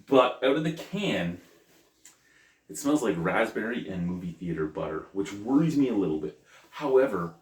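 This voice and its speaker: A man's voice: on the low side, big pitch swings, normal speed, a little mellow. A man casually reviewing a beer on camera, chatty and thinking aloud, correcting himself as he goes. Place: at home. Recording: roomy, mic at a distance.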